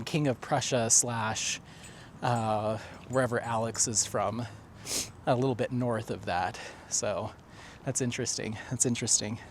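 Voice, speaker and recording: A man's voice: medium pitch, a little hiss or hum. A man vlogging while he walks his dog outdoors, chatting loosely and reading viewer comments aloud, with lots of fillers and restarts. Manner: talking while walking a dog. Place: outdoors on a neighborhood street.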